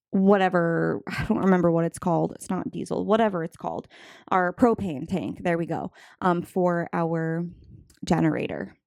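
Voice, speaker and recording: A woman's voice: mid-range voice, a little mellow. A woman in her twenties chatting casually to camera as a budgeting vlogger, bubbly and talkative, with many fillers and asides, a little out of breath. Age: 20s.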